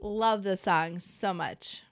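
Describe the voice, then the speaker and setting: A woman's voice: mid-range voice, slow pace, no echo, studio quality. A woman co-hosting a casual chat about songs, gushing and sentimental, full of fillers. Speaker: podcast co-host.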